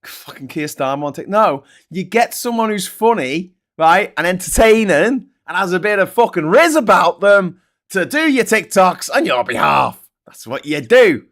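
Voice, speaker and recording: A man's voice: high-pitched, sing-song, normal speed, fairly bright tone. A middle-aged man hosting a casual morning show, reviewing headlines in a sweary, sarcastic and openly vexed way. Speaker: host. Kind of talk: casual commentary on newspaper headlines.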